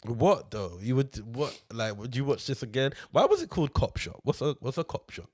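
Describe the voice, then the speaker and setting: A man's voice: mid-range voice, big pitch swings, moderate pace, a little mellow, no echo, clean studio sound. An easygoing man gives his take on a film in casual chat. He hesitates and restarts his thoughts as he goes. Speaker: film review co-host.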